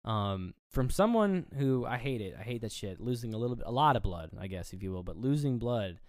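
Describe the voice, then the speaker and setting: A man's voice: mid-range voice, a little fast, dry recording, clean studio sound. A young man co-hosting a casual movie review chat, retelling scenes with lots of swearing and acted-out lines. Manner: animated retelling, swears freely, acts out lines. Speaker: podcast co-host.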